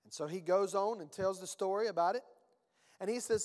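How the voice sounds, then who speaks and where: A male pastor preaching a sermon, reading scripture aloud and swinging between emphatic bursts and quiet asides. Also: high voice, a little fast, in a large hall.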